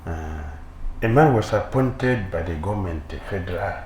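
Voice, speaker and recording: A man's voice: low-pitched, lively intonation, moderate pace, darkish tone, slight background noise. A man giving a scripture sermon as a swami, firing rhetorical questions and mocking envy with a laugh. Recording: echoey hall with faint ambience.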